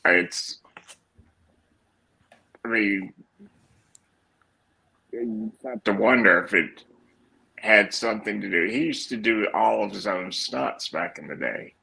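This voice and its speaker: A male co-host talks slowly and measuredly in a low, gravelly voice. His tone is bright and forceful despite the unhurried pace. He sounds thoughtful. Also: rough recording. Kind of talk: casual chat.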